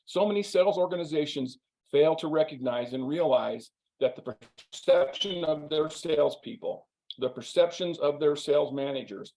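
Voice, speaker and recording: A man's voice: medium pitch, vocal fry, darkish tone, poor audio. A man, a guest on a business interview, telling a wry, humorous anecdote and drawing a sales lesson from it. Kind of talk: anecdotal storytelling.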